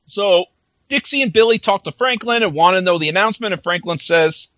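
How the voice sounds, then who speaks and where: A man's voice: high-pitched, a little fast, a bit bright, dry recording, highs cut off. A man co-hosting a podcast, chatting casually and animatedly, acting out lines and laughing often. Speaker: podcast co-host. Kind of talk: casual recap chat.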